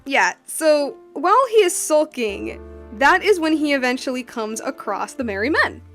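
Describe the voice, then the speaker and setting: A woman's voice: sits high, very animated, normal speed, a bit bright, faint music behind. A young woman casually retelling a story while drawing, rambling with lots of fillers and giggles. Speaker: streamer drawing and chatting.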